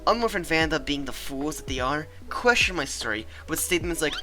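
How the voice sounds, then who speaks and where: A young man giving scripted, sarcastic comedic narration with deadpan asides. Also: a little high, brisk, over music. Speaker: channel host and narrator.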